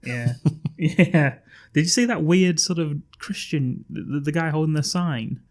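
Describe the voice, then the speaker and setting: A man's voice: a little high, unhurried. A man co-hosting a podcast, recapping film scenes casually and laughing as he retells them. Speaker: podcast co-host.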